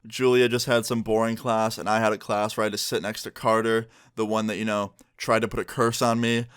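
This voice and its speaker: A man's voice: fairly low pitch, little pitch movement, fairly quick, a bit bright, smooth, dry recording, studio quality. Chatty young man telling a story. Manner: casual and chatty, often asks "okay?". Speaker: vlogger. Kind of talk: storytime narration.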